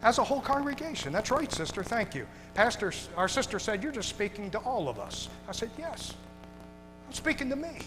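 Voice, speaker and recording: A male pastor preaching a sermon to his congregation, moving from hushed, tender passages to loud shouting. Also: sits high, big pitch swings, moderate pace. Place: church sanctuary. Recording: long hall reverb with music behind.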